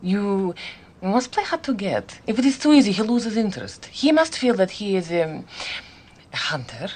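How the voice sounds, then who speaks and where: An actress playing a glamorous, opportunistic Russian émigré woman with a Russian accent, giving slow, knowing advice with lingering emphasis. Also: mid-range voice, sing-song, a little mellow.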